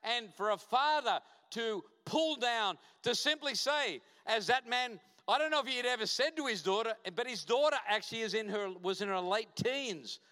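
A man's voice: extremely high pitch, animated, moderate pace, hardly any pauses, pushed and bright, clear, resonant tone. A man preaching a sermon as a guest pastor, emphatic and fond of short repeated punchy phrases. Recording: reverberant church hall.

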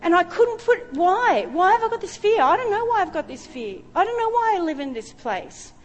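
High-voiced woman preaching. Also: very animated, moderate pace. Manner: emotional storytelling. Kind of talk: sermon testimony. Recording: reverberant hall with faint music.

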